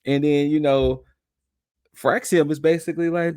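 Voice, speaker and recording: A man's voice: a little high, fairly even intonation, normal speed, darkish tone, clean tone, no room sound. A young adult man co-hosting a podcast, casually recapping events in a loose, conversational way and acting out quotes in passing. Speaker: podcast co-host recapping wrestling.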